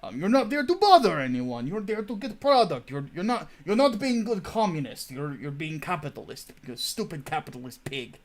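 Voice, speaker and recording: A man's voice: fairly high pitch, sing-song, normal speed, few pauses. A man putting on a mock Russian accent as a scornful communist hat seller, speaking broken English with dropped articles. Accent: put-on Russian. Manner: mocking, scornful.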